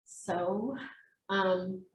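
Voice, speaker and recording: A woman's voice: medium pitch, steady tone, very slow. A woman teaching a real estate class, telling heartfelt stories about giving back. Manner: heartfelt, storytelling, speaks of blessing and giving. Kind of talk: motivational class talk. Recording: echoey room.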